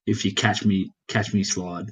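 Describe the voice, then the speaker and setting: A man's voice: on the low side, level tone, a little slow, slightly rough, poor audio. A man from Portugal talking casually as a guest on a gaming stream over a voice call, rambling with slang and the odd swear. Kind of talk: casual voice chat.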